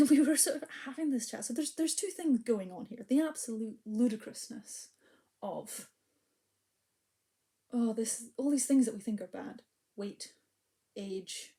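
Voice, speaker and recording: A woman's voice: mid-range voice, dark tone. A woman, a spoken word poet talking chattily before reading, dropping into whispered asides, heard over a video call.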